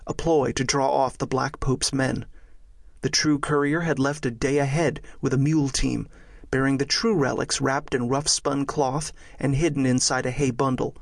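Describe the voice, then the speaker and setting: A man narrates a thriller audiobook in a measured, steady way. His mid-pitched voice carries a gravelly texture. The recording is dry and close, with no room sound. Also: dry recording.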